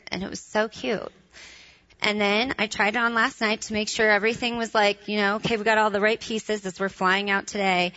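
A woman's voice: medium pitch, bright, forceful tone. A middle-aged woman giving a sermon at a women's ministry event, chatty and self-deprecating, with many fillers. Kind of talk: sermon with opening prayer. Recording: dull lo-fi recording.

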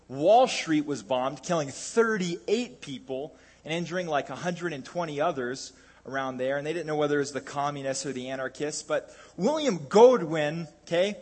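Husky conversational preacher, man. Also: fairly high pitch. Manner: conversational, jokey asides, frequent restarts. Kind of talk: sermon.

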